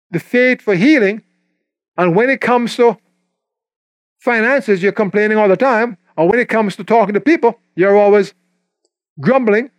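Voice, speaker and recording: High-voiced emphatic male preacher. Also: no echo. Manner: emphatic, acts out quoted voices in quick asides. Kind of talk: sermon.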